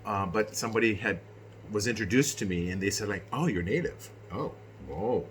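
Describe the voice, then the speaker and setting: This middle-aged Canadian vlogger rants unscripted to the camera at a normal speed, animated and indignant. He slides from quiet musing into loud, exasperated outbursts, with a little hiss or hum in the background.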